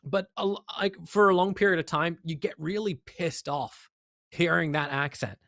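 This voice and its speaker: A man with an Australian accent, an esports caster chatting as a guest in an interview, emphatic and lively with lots of fillers. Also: fairly high pitch, normal speed, no echo, clean studio sound. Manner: animated, emphatic, many fillers. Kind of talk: casual interview chat.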